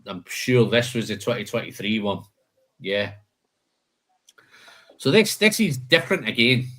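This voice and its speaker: A man's voice: lowish voice, sing-song, a little slow, a bit bright. Guy hosting a whisky livestream, laid back, rattles off fruity tasting notes. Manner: chatty, lists flavour notes, says "man" and "mate" a lot. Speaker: host of a live whisky tasting stream. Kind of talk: casual tasting chat.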